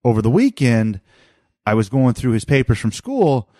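A man's voice: medium pitch, sing-song, normal speed, mellow, dry recording, clean studio sound. A man in his thirties chatting casually about his son, rambling with many restarts and fillers. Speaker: father telling a family story. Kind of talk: casual chat.

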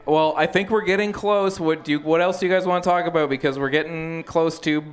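Man, live podcast host, playful, higher voice. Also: fairly even intonation, fairly quick, clear, resonant tone. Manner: playful, laughs often. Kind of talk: casual live podcast hosting. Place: live stage at a bar.

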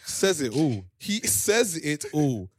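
A man's voice: on the high side, very animated, slow pace, dry recording, studio quality. A man hosting a casual chat among friends, teasing and laughing as he talks. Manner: playful, laughing, teasing banter. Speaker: podcast host. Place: shared room with friends.

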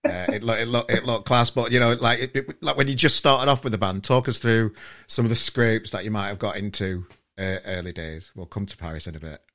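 A man's voice: fairly low pitch, steady tone, brisk, a bit bright. A man hosting a podcast, easygoing and laughing along as he draws out his guest. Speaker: podcast host. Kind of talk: casual interview chat.

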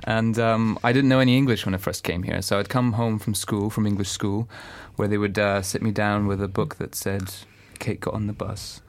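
A man with a foreign accent chatting casually, hesitant with many pauses. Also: lowish voice, steady tone. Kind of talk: casual chat.

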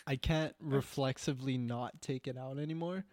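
A man's voice: medium pitch, moderate pace, darkish tone, dry recording. Rambling man in dry casual chat. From Canada. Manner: rambling, full of "like" and restarts.

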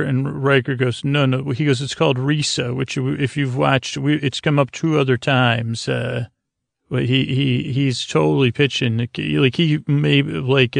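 A man hosting a sleep podcast, retelling a TV episode in a meandering, halting way full of fillers and restarts. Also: medium pitch, vocal fry, no room sound. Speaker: podcast host.

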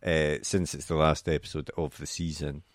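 Very deep-voiced man, dry close sound. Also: little pitch movement, moderate pace, dry recording. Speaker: podcast co-host. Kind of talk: casual football chat.

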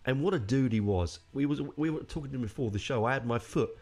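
A man's voice: medium pitch, fast, darkish tone, soft background music. A man hosting a podcast, casually reviewing a metal album in an enthusiastic, rambling way with jokey asides.

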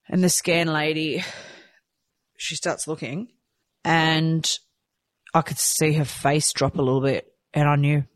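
A woman telling a personal story candidly and from the heart, rushing and restarting her sentences. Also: sits low, steady tone, dry recording. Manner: heartfelt, rushed, with frequent restarts. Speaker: storyteller sharing a personal experience.

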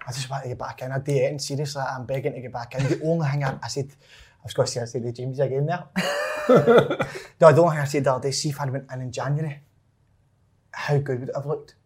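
A Scottish podcast host talks fast in a slightly husky voice. He tells dressing-room stories with giggles and asks his guest plenty of questions. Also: medium pitch, steady tone, a little mellow. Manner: chatty, giggly storyteller. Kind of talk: casual podcast chat.

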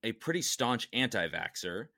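A man's voice: on the low side, big pitch swings, normal speed, creaky, bright, forceful tone, no room sound, clean studio sound. A man co-hosting a casual podcast, explaining things in an upbeat, enthusiastic way. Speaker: podcast co-host.

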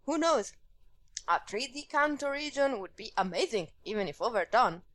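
Woman doing a fake russian accent reading a fan email, clipped, drops her articles, highish voice. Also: lively intonation, normal speed, dry recording. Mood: mock-earnest. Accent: put-on Russian. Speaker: podcast co-host. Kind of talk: reading listener email aloud.

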